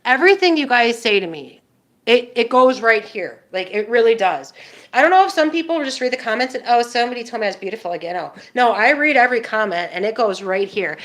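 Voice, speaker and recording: A woman's voice: a little high, big pitch swings, brisk, a bit bright. A woman livestreaming casually to her viewers, heartfelt and rambling with many fillers, a little stuffed up from a nose infection. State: nasal infection. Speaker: live streamer.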